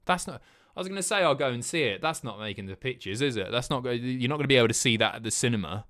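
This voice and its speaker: A man in his thirties chats casually while hosting a livestream. His voice is lively and bouncy in pitch, and his talk is blunt, sweary and sardonic. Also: fast talker. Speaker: livestream host. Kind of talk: casual stream chat.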